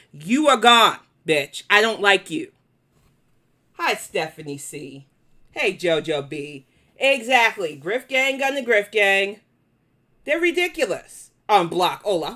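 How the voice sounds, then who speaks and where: A woman's voice: medium pitch, sharp tone. A woman with a New York accent hosting a live commentary stream, blunt, profane and confrontational as she answers her chat. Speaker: commentary livestream host.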